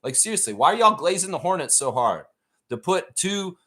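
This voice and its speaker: A man's voice: sits high, brisk. A man hosting a live stream, chatting casually and ranting with plenty of swearing. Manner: profane, animated rant reading chat.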